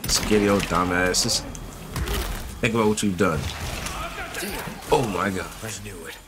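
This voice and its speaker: A man giving casual, slangy gameplay commentary, talking to his viewers and swinging from low muttering to loud yelps. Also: a little slow, music in the background. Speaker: gaming commentator.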